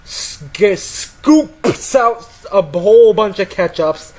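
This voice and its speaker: A man tells a long story to his friends in a slow, unhurried way, his voice sitting a bit high. He rambles, stacks up "like" and restarts his sentences. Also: expressive, a little mellow, rough recording.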